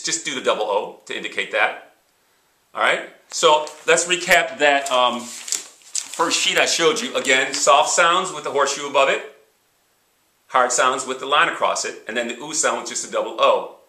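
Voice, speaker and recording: Bright-voiced male teacher, echoey room. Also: mid-range voice, slight background noise. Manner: patient, repeats examples, sounds words out slowly. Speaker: high school teacher. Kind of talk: instructional explanation.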